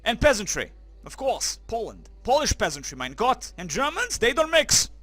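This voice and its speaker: A high-pitched man commentates a game with a swooping, lively delivery. His voice is bright and forward, and his humour is crude and excitable. He keeps throwing in German phrases. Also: normal speed, soft background music. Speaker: gaming commentator. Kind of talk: let's play commentary.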